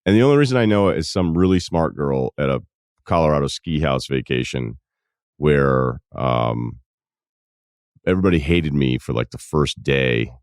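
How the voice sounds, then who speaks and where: A man in his forties with a very deep, low-pitched voice hosts an advice podcast, reading emails and cracking deadpan jokes. The sound is dry and close, recorded at a studio microphone with no room around it. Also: moderate pace, no echo. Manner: dry, deadpan humor with asides while reading. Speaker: podcast host.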